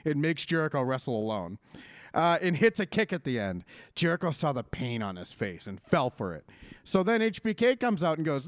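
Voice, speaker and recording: Animated ranting man, dry close sound. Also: fairly high pitch, normal speed, no room sound. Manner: animated ranting, swears freely. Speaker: podcast co-host. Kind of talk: casual wrestling chat.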